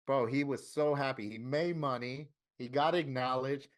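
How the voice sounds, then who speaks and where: A man from Florida telling a story in casual interview talk, animated and profane, acting out what other people said. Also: mid-range voice, moderate pace. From Florida, USA. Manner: animated, profane, acts out quoted voices. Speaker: interview guest, tattoo artist.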